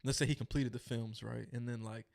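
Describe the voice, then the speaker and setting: A man's voice: medium pitch, flat delivery, a little fast, creaky, a little mellow. A man co-hosting a horror news podcast, chatting casually and colloquially with lots of fillers. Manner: laid-back, colloquial, trailing fillers. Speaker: podcast co-host.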